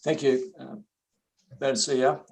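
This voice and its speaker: A man's voice: medium pitch, level tone, moderate pace, vocal fry, slightly rough, poor audio. A man chairing a council meeting, polite and hesitant, with many fillers.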